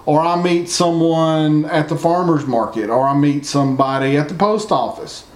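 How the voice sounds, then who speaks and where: Man, vlogger, talking straight to camera in an indignant, rambling rant; voice sits a bit high. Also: normal speed. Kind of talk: opinion rant to viewers.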